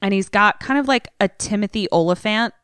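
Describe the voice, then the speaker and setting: A woman's voice: medium pitch, a little fast, fairly bright tone, smooth, no echo, studio quality. A young adult woman co-hosting a podcast, casually recapping a film in a loose, irreverent way full of "like". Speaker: podcast co-host. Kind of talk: casual movie recap chat.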